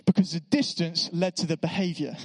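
Preacher, fairly high voice, chatty sermon with wry asides, church reverb. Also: male voice, steady tone, fairly quick. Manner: conversational, self-deprecating asides. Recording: echoey church hall.

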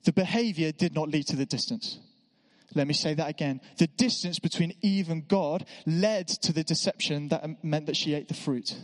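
A man's voice: a little high, normal speed. Man preaching in an echoey church. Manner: conversational, self-deprecating asides. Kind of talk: sermon.

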